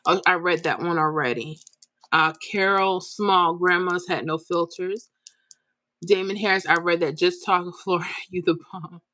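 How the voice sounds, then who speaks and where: A woman's voice: lowish voice, sharp tone, no echo. Emotional woman live-streaming. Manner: emotional, tearful at times, talks straight to viewers. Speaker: lottery numbers YouTube host. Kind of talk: live-stream chat reading comments.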